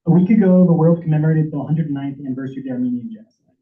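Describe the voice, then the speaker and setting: A man's voice: a little high, rapid-fire. A man giving an impassioned, emotional prepared speech as a public commenter at a senate meeting, urgent and stumbling at times. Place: meeting hall. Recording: echoey room over tinny phone-like audio.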